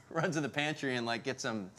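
A man reflecting aloud in a faith discussion, halting and using many fillers. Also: mid-range voice, fairly bright tone, a little hiss or hum.

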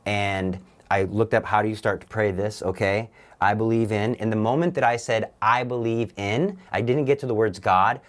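A man as an interview guest, earnestly recounting his faith testimony, often stumbling and restarting his sentences. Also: lowish voice.

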